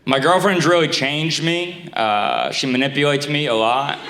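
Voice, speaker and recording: A man's voice: fairly high pitch, lively intonation, unhurried, echoey room, background noise. A young male comedian with a noticeable lisp and a slightly raised voice works through a stand-up set. His delivery is loose and conversational, checking in with the crowd as he goes. The sound carries the roominess of a live theater. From Staten Island. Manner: conversational, self-deprecating delivery with asides to the crowd. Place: theater stage before a live audience.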